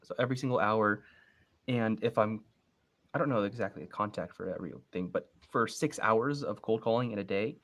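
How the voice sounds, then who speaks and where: A man's voice: fairly low pitch, a little fast. Easygoing man coaching over a call. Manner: relaxed, explains step by step and acts out sample phone calls. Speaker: real estate investing coach. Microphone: video call.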